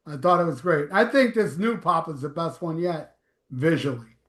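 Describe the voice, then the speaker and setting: A man with a high voice praises a show with enthusiasm, repeating himself. He sounds roomy, with echo around him. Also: moderate pace, fairly bright tone. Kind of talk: casual review chat.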